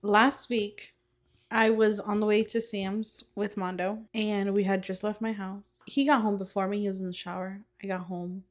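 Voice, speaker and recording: A young woman with a mid-range voice speaks at a normal speed while co-hosting a podcast with her sisters. She tells a story in casual chat, animatedly acting out what people said and laughing often.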